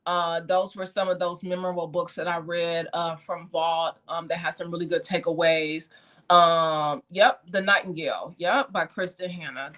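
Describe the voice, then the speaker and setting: A woman hosting a casual livestream, talking about books she read in a chatty, animated way. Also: lowish voice, moderate pace. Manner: chatty, animated, laughs often. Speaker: host.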